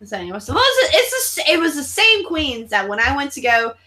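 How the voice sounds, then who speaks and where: A young woman hosting a live stream, telling stories in an excitable, swearing, animated way. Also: high-pitched, brisk. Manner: excitable, swearing, animated storytelling with acted-out quotes. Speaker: host. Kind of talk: casual live-stream chat.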